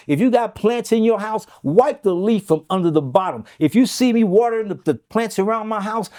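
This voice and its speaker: A man being interviewed who tells animated stories and acts out the quoted dialogue. He keeps stopping to ask "okay?" to drive his points home. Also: high voice, no echo, clean studio sound. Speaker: interview guest. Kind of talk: storytelling interview.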